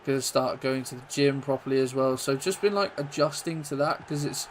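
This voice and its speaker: A young man from England casually commentating his own football video game, rambling between plays and shouting when goals go in. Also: medium pitch, a little fast, a little hiss or hum. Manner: chatty, rambling, bursts into excited goal shouts. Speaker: gaming YouTuber.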